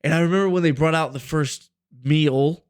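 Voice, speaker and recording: A man's voice: fairly high pitch, normal speed, clear, resonant tone, no room sound, clean studio sound. A young man co-hosting a podcast, telling a long rambling story in casual chat, full of fillers and swearing. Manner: rambling, profane, filler-heavy. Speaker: podcast co-host.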